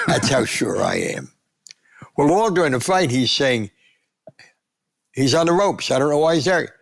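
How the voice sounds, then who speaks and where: A man in his nineties, a guest sportswriter, telling animated anecdotes and acting out the voices of people he quotes. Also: mid-range voice, brisk, gravelly. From United States. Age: 90s. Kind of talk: storytelling interview.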